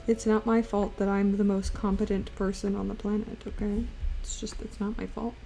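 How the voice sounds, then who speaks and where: A woman's voice: mid-range voice, level tone, normal speed, mellow, faint music behind. Playful woman streamer doing baby talk. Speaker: livestreamer. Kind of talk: casual stream chat.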